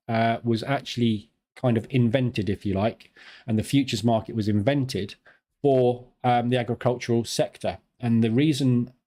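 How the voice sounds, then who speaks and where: A man's voice: mid-range voice, darkish tone. A British man hosting a live trading stream, chatting and joking in a digressive way.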